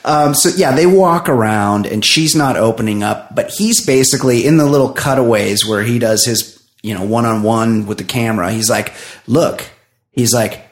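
A man casually recapping a reality show on a podcast, animated and quick to swear, acting out the people he quotes. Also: mid-range voice. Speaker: podcast co-host.

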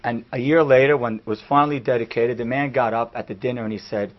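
A man giving a storytelling sermon, animated and acting out the people he quotes, in a dull lo-fi recording. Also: mid-range voice, fast talker, hardly any pauses. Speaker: speaker giving a talk.

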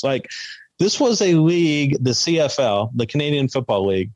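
A man's voice: mid-range voice, normal speed, a little mellow, no room sound, poor audio. A man co-hosting a podcast, recapping in casual chat with many ums and uhs. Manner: hesitant, filler-heavy recapping. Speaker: podcast co-host.

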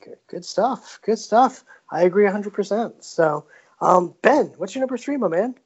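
An upbeat podcast host with a mid-pitched voice keeps the casual chat moving and hands the turn to the others. The sound is dull and lo-fi. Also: expressive, normal speed, husky.

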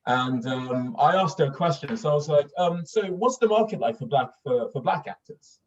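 This young voice actor from northern England pitches a little high and speaks expressively at a normal speed. In a well-spoken English accent, he tells casual interview stories loaded with fillers and restarts, captured on a dull, distant mic.

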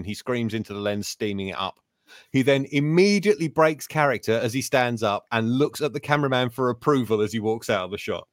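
A man's voice: mid-range voice, expressive, brisk, dry recording. Sardonic man, dry close sound. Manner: sardonic, swears, mimics people in quotes. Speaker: podcast co-host. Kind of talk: casual chat.

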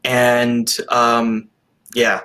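Rambling, animated man reviewing a film. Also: mid-range voice, very slow. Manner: rambling, animated, swears casually. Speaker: podcast co-host. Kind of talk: casual movie review chat.

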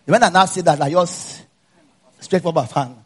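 Speaking at a moderate pace in a husky voice, a Nigerian-accented pastor mixes a personal anecdote into his preaching. He sinks low for asides, then climbs loud to preach.

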